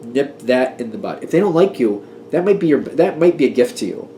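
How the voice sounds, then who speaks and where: A man's voice: medium pitch, big pitch swings, brisk, mellow, slight background noise. A man giving a casual tarot reading, talking in a chatty, emphatic way as he gets worked up and laughs at himself. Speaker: tarot reader.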